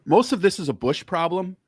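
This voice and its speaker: A man's voice: high voice, husky, no room sound, studio quality. A man hosting a podcast, angrily ranting about politics and swearing heavily. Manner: angry, heavy swearing, worked up. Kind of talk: profane political rant.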